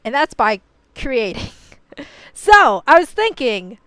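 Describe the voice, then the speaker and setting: Young woman streamer, loose playful ramble, laughs a lot, light profanity, smooth tone, dry close mic. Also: high voice, very animated, slow, a bit bright, dry recording. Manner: rambling, laughs often, heavy "like" and "you know" fillers. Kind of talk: casual rambling commentary.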